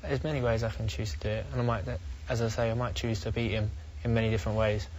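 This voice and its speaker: A man, a boxer, trash-talking his opponent at a press conference with mocking, taunting jibes and slow, deliberate threats. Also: on the low side, flat delivery, darkish tone, a little hiss or hum.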